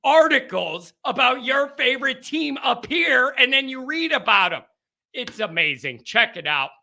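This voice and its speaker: A man hosting a call-in sports show, talking in an animated, joking, rambling way. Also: very high-pitched, measured pace, vocal fry. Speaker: podcast host. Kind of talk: casual call-in show monologue.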